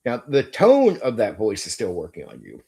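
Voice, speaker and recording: A man's voice: lowish voice, huge pitch swings, moderate pace, vocal fry, dark tone. A middle-aged man hosting his channel, giving a blunt, emphatic monologue with some swearing. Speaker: channel host. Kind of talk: opinionated monologue.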